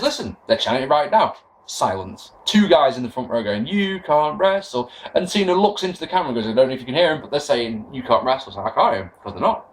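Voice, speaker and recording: This wrestling podcast host, a young man of medium pitch, delivers a casual, sarcastic recap of a show, swearing through his animated rants. The audio carries a little hiss or hum.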